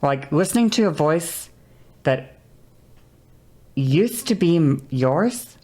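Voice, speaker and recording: Woman streaming, rambly and giggly, low voice, bit gravelly. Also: darkish tone. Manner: rambling, laughing, self-correcting. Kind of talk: casual livestream chat.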